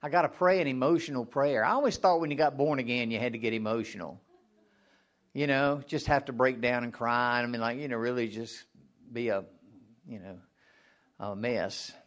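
A man's voice: moderate pace, long pauses, fairly bright tone. A man giving a sermon in a conversational way, asking the listeners questions and answering them himself, and now and then acting out a mock prayer. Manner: acts out mock prayers in a high strained voice. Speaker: preacher.

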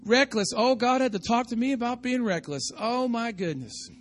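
A man preaching a sermon as pastor, talking to the congregation conversationally, asking for their responses and rising to shouts. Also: very high voice, normal speed, a little hiss or hum.

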